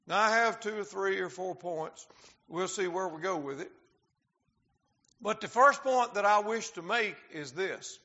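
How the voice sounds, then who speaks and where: Male preacher, bright high voice; drawn-out emphasis on key words; lo-fi sound. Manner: slows down to stress key words; talks directly to the congregation. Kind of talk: sermon. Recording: dull lo-fi sound.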